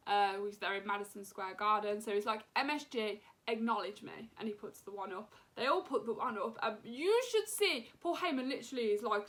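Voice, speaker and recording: A young woman giving an excited, casual recap as a show reviewer, with lots of fillers and acted-out quotes. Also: on the high side. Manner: animated, many fillers, acts out wrestlers' lines.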